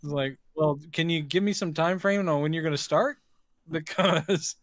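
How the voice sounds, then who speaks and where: Wry man, slightly high voice, movie podcast. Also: moderate pace, dry recording, clean studio sound. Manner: wry, teasing, quotes characters. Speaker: podcast co-host. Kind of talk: casual movie-review chat.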